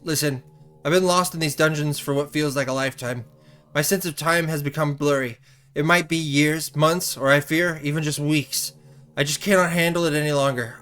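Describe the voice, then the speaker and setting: A man's voice: fairly high pitch, fairly bright tone, natural voice. A man doing a frantic lost prisoner. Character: desperate male prisoner lost in dungeons, fraying mind.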